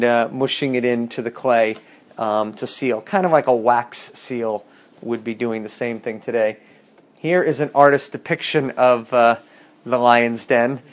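A man's voice: medium pitch, fairly even intonation, a little slow. A man teaching a casual bible class, reading scripture aloud and adding wry, chatty asides.

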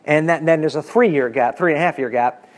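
A man in his fifties teaching a Bible class in a conversational lecture style, animated and chatty with asides to his students. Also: moderate pace. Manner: animated, pitch swinging up when emphatic.

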